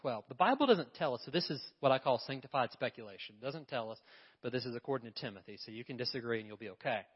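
A male pastor delivers an emphatic sermon at a mid-range pitch, often throwing questions out to his congregation. His voice rings with a long reverb through the church. The recording sounds a bit dull and lo-fi. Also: expressive, fast talker, slightly rough. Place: church sanctuary.

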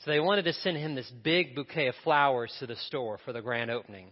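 Male pastor, mid pitch, conversational storytelling sermon; dull recording with long hall reverb. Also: animated, brisk. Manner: storytelling, conversational, asks the congregation questions.

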